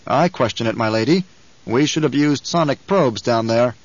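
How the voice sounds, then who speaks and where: A man voicing a dutiful, blunt guard officer who reports loudly and respectfully in an audiobook reading. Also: mid-range voice, moderate pace, no echo, lo-fi sound, natural voice.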